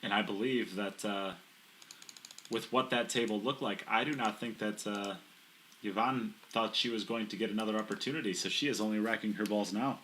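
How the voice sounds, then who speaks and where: A man's voice: on the low side, moderate pace, a bit bright, slight background noise. A man co-commentating on a pool match, playful and full of banter. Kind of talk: live sports commentary.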